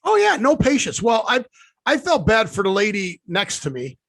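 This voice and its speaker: Guy with a pretty high voice rambling through a story, lots of ums, dry close mic. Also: wildly swooping pitch, normal speed, vocal fry, fairly bright tone, no echo. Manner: rambling storyteller, many fillers and restarts. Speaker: podcast co-host. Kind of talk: casual chat.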